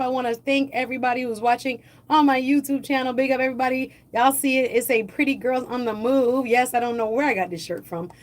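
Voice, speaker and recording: Chatty, emphatic woman talk-show host. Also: a little high. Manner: conversational, emphatic, repeats points for listeners. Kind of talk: live talk show with news roundup. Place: studio.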